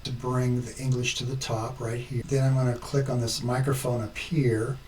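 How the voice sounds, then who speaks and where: Male tutorial host, deliberate and methodical, recorded at a distance with faint background noise. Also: medium pitch, little pitch movement, darkish tone. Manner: slow, step-by-step explaining. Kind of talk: screen-recorded tutorial narration.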